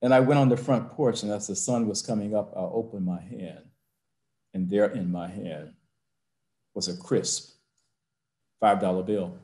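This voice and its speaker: Warm in tone and lowish in pitch, this older university president tells a heartfelt story about himself on a video call from his office. The slow, emotional storytelling gradually climbs into rousing emphasis.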